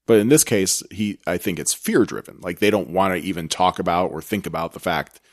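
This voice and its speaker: A man's voice: low-pitched, expressive, brisk. A man co-hosting a podcast, recapping a TV episode in a rambling, self-correcting casual chat. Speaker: podcast co-host.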